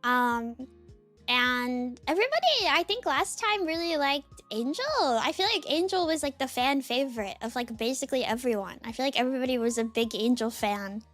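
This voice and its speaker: Very high-pitched bubbly woman streamer. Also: lively intonation, moderate pace, fairly bright tone, faint music behind. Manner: bubbly, filler-heavy, greets viewers one by one. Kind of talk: casual live-stream chat. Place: home desk.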